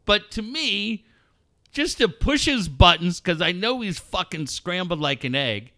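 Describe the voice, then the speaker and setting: A man hosting a radio show, telling a story in loud, mocking, profanity-laced banter. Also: high-pitched, unhurried. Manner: loud, mocking, animated storyteller who swears a lot.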